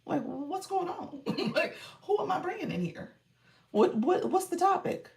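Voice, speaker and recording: A woman's voice: very high-pitched, very animated, a little slow, gravelly, darkish tone, pitched above the performer's own voice, heavily acted. A woman doing a confused, sassy app algorithm, voice pushed way up, quizzical and teasing. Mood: puzzled.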